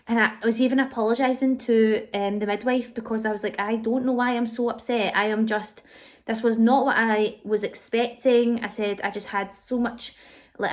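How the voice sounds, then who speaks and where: A young woman telling her own pregnancy story to camera, candid and emotional, with frequent fillers and restarts. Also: mid-range voice. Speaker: vlogger.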